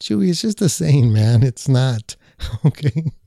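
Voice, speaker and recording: An easygoing man hosts a casual podcast, chuckling often and restarting his sentences as he steers the talk. His voice is very dark and mellow, with a gravelly edge. The sound is close and dry. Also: medium pitch, sing-song, moderate pace, no room sound. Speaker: podcast host.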